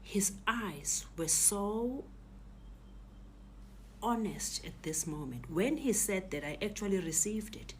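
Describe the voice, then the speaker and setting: A middle-aged South African woman recounting a personal ordeal as an interview guest, speaking softly and often near a whisper. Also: medium pitch, animated, slow pace, slight background noise. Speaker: guest telling her story. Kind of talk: emotional personal testimony.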